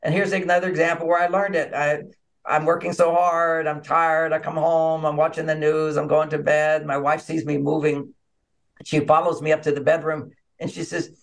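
A man's voice: a little high, brisk, vocal fry. A man as an interview guest, telling stories and acting out little scenes of dialogue over a video call. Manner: animated, acts out quoted dialogue. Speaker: relationship author and interview guest. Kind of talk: conversational interview storytelling.

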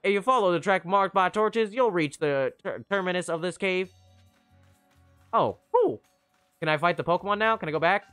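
A man giving chatty, excitable live commentary on a game he is playing, with sudden high squeals. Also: normal speed, smooth, no room sound, faint music behind. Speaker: streamer.

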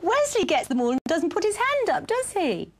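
Lively sing-song woman presenting for children. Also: very high-pitched, moderate pace. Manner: bright, encouraging, sing-song teacher talk to small children; playful, gently coaxing.

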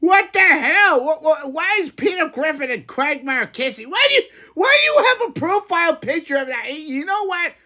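Woman streamer, high and bright, unhurried, reacts to chat with exasperation. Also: very animated. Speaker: live-stream host. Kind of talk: casual live-stream chat.

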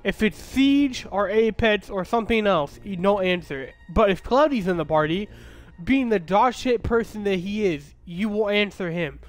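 High-voiced young man raging at a game. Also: animated, normal speed, faint music behind. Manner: angry, swearing, ranting at teammates. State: stuffy nose, sore throat. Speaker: streamer. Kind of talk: live gameplay commentary.

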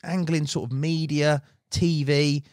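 Matey English podcast host, dry mic. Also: male voice, fairly high pitch, little pitch movement, unhurried, darkish tone, no echo. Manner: matey, says mate a lot. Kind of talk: casual interview chat.

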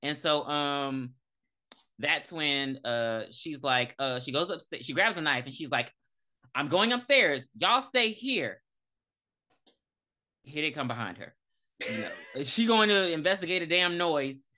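Woman podcast cohost recapping a movie, low-ish bright voice, bouncy, curses a lot. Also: moderate pace. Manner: animated retelling, acts out characters, profane. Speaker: podcast co-host. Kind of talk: casual movie review chat.

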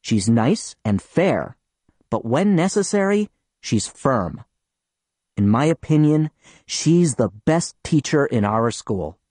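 A man's voice: mid-range voice, a little mellow, husky, no room sound. A man narrating an audiobook in the first person, with an earnest, schoolboy-like telling. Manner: earnest, reads as a schoolboy telling his story.

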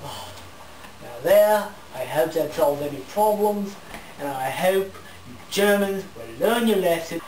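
A man's voice: on the high side, expressive, takes it slowly, roomy sound, distant mic, noisy background. A man hosting a comedic parody, ranting in a blustery, mock-indignant way and sometimes slipping into fake foreign gibberish. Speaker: parody show host.

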